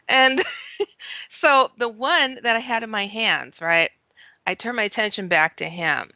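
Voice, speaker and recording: Bright-voiced woman telling a lively story. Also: a little high, a little slow, no echo. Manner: lively, laughs often, acts out her own quoted words. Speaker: guest. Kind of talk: animated first-person storytelling. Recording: slightly muffled lo-fi sound.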